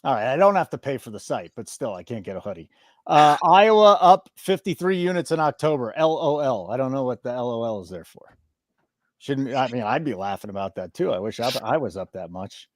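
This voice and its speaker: Lively, animated man hosting a betting show. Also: medium pitch, fairly quick, no echo, studio quality. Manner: animated, joking, mock-indignant. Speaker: sports betting show host. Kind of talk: casual betting podcast banter.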